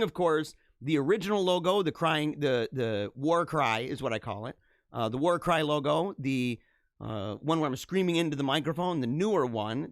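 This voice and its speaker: Male stream host, lively up-and-down delivery, slightly high voice, rambling, casual, dry close sound. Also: no room sound. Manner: rambling, animated, laughs often. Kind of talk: casual live-stream commentary. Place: home basement studio with green screen.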